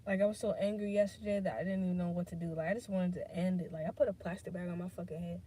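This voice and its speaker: A woman's voice: lowish voice, fairly even intonation, fast, mellow. Rambling, foul-mouthed woman podcasting alone. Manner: rambling, unfiltered, swears freely; drifts between topics, many fillers. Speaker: podcast host. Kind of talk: casual solo podcast monologue.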